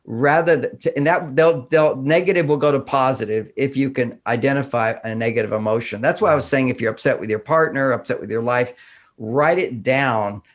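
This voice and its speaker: Speaking briskly in a mid-range voice, this Houston, Texas man is a guest on a podcast, giving a conversational interview. He talks animatedly and performs snippets of dialogue along the way.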